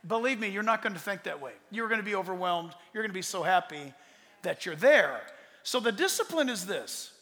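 A man in his sixties, a pastor answering audience questions in an emphatic, rambling way that swings between loud and soft. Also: high voice, lively intonation, a little fast. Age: 60s. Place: large hall with audience. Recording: long hall reverb.

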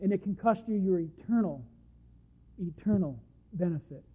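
A man's voice: sits high, lively intonation, normal speed, slightly rough. A man preaching a sermon with passion, now and then acting out quoted voices. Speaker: pastor. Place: church service. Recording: tinny phone-like sound.

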